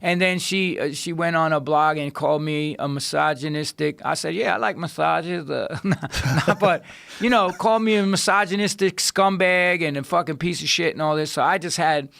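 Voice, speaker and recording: Profane New storyteller. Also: male voice, on the high side, moderate pace, creaky, smooth. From New York. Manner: profane, animated, swings his voice up for quotes. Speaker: podcast guest. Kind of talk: casual storytelling. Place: podcast studio.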